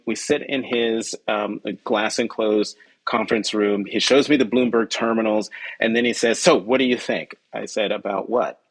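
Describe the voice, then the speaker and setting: A male journalist, a guest on a podcast, telling a personal story in conversation, acting out quoted dialogue with jumps in his voice and frequent ums. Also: poor audio. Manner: animated, acts out quoted dialogue with pitch jumps; frequent ums and self-corrections.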